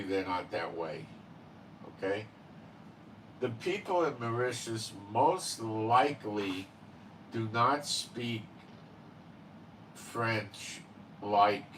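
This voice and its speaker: A man talks slowly and unhurriedly in a loose, rambling monologue, leaning on "you know" and "okay?". His voice sits a little low. He sounds set back from the mic, with a faint hiss of background noise. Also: fairly bright tone, distant mic, rough recording. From Israel. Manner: rambling, many fillers and tag questions. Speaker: channel host. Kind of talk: casual monologue.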